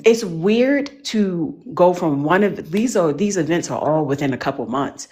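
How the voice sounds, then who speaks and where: A woman talking as a panelist in casual chat, animated and emphatic, full of slang. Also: low voice, measured pace.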